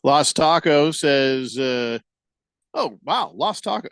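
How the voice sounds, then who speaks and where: This male host sounds a little high, gravelly yet clear and resonant, fairly bright, and expressive, taking things slowly with no room sound. On his casual sports radio show he rambles and jokes, frequently tripping over words and restarting, and mimics quoted voices to get laughs.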